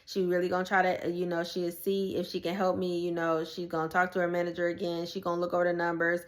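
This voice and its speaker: A woman's voice: fairly low pitch, completely flat delivery, fast talker. A woman in casual, conversational storytelling, sharing her personal faith testimony and addressing viewers directly, often repeating and restarting phrases.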